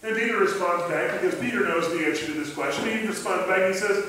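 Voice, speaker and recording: A man's voice: sits high, fast, pushed and bright. A male pastor preaching a sermon in a conversational way, retelling scripture as a story in plain everyday words. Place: church sanctuary. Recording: echoey church hall from a distant mic.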